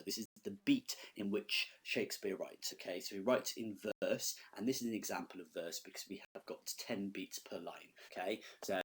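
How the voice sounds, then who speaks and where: A man's voice: fairly low pitch, husky. A male teacher talking through a recorded lesson in a conversational way, checking in with the class with frequent "okay?"s.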